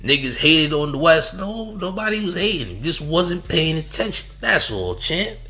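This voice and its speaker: A man's voice: fairly high pitch, big pitch swings, moderate pace, bright, forceful tone, faint music behind. A man hosting a streamed commentary show, speaking in a mocking, trash-talking way.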